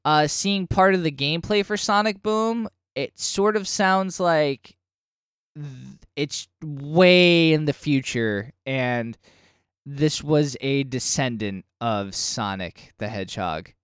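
Smooth-voiced man ranting about comics. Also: a little high, takes it slowly, no echo, studio quality. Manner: animated, swears when worked up. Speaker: podcast co-host. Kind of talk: casual comic book review chat.

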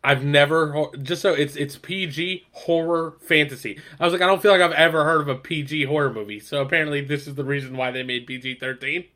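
A young man with a bright voice, a little higher than usual, in casual conversation. He is laid-back and swears freely. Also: fairly even intonation, a little fast, hardly any pauses. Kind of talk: casual chat.

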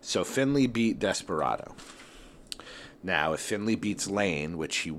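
Man thinking aloud, low voice. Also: lively intonation, a little slow, a bit bright, a little hiss or hum. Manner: rambling, thinks aloud with many fillers and restarts. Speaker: wrestling tournament host. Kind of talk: casual solo commentary.

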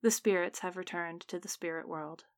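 A woman's voice: fairly low pitch, steady tone, moderate pace, lightly acted. A woman voicing a pompous male spirit medium who solemnly intones to the spirits at a séance. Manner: grandly intoning, calling on spirits.

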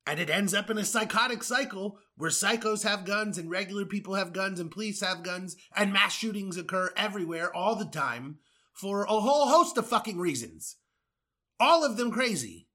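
A man from the United States hosts his podcast in a furious, swearing rant. His voice sits high and sounds bright and forceful. He breaks off into mocking asides. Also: expressive, normal speed. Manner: heated, profane, sarcastic asides. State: angry. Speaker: podcast host. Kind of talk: angry political rant.

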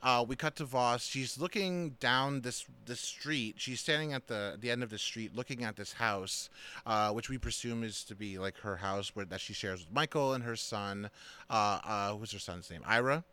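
A man's voice: medium pitch, moderate pace, pushed and bright, clear, resonant tone. A man co-hosting a podcast, talking casually about a film in rambling sentences full of fillers and restarts. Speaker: podcast co-host.

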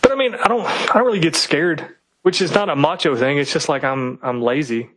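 A man's voice: on the high side, a little fast, a bit bright, slight background noise, poor audio. A man from eastern Kentucky, co-hosting a podcast, telling rambling, profanity-filled stories in casual chat. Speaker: podcast co-host.

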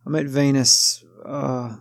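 A man's voice: mid-range voice, little pitch movement, takes it slowly, vocal fry, no echo, clean studio sound. A man narrating a story in the first person, casual and wry, often correcting himself mid-sentence.

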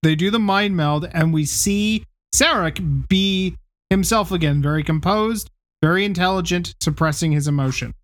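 A man's voice: high voice, normal speed, no room sound, studio quality. A man co-hosting a casual podcast chat, recapping the plot with a laugh and plenty of swearing. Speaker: podcast co-host.

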